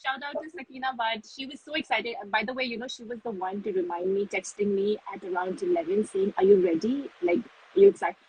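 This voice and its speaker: A woman's voice: medium pitch, fairly even intonation, fast talker, hardly any pauses, breathy edge, rough recording. A woman as a guest on a casual live-stream interview, speaking effusively and laughing often, heard through a phone. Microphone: phone on a live video stream.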